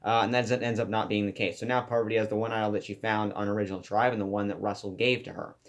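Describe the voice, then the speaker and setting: A man's voice: on the low side, little pitch movement, quick pace. A man giving a casual, enthusiastic class presentation about a TV show he loves, rambling with fillers and restarts. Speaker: student presenter.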